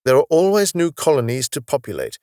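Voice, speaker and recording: A man voicing a calm, knowledgeable male space officer from the far future who patiently explains his world with a wry touch. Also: fairly high pitch, a little fast, dry recording, clean studio sound, voice pushed up. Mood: explaining.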